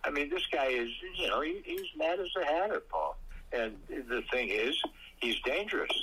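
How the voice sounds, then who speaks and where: A man co-hosting a political talk show, speaking haltingly with many fillers and blunt opinions. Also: medium pitch, big pitch swings, pushed and bright, slightly rough, rough recording. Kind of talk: casual political chat.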